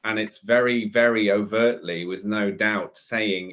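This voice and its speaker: A man's voice: on the low side, fairly even intonation, measured pace, fairly bright tone. A man co-hosting a podcast, thinking aloud casually with fillers like "you know". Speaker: podcast co-host.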